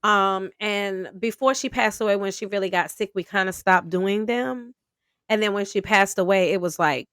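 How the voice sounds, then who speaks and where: A woman co-hosting a podcast in casual chat, talking in a relaxed, slangy way with lots of fillers and restarts, and sometimes reading an article aloud. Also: mid-range voice, moderate pace, clear, resonant tone, dry recording, studio quality. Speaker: podcast co-host.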